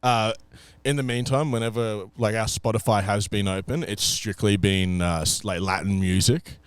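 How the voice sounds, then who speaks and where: A man's voice: fairly low pitch, fairly even intonation, moderate pace, smooth, no echo. A young man co-hosting a podcast, chatting casually and laughing as he chimes into travel stories. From Australia. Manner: laid-back, laughing, chiming in. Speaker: podcast co-host.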